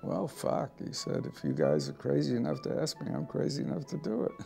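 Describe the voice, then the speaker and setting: A man's voice: medium pitch, quick pace, vocal fry, soft background music. An older man telling film-making stories in an interview, acting out the voices of the people he quotes. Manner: animated anecdotes, acts out quoted voices. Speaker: film director. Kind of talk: interview storytelling.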